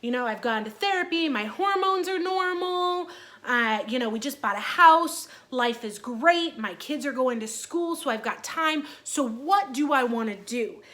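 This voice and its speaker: A woman's voice: sits high, lively intonation, a little slow, a bit bright. A woman in her thirties talking in a casual personal vlog, chatty and earnest with many fillers. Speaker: vlogger.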